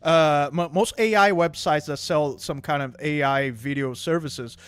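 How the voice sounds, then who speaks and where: Higher-voiced man explaining on a stream panel. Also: unhurried, smooth, no echo. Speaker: panel guest. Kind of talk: casual livestream panel chat.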